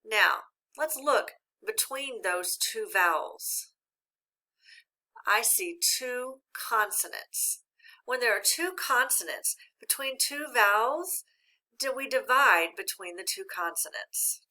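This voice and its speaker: A woman teacher giving a slow, patient phonics lesson, speaking clearly and sounding out each syllable. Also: fairly high pitch, lively intonation, pushed and bright. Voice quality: clear, deliberate enunciation of syllables.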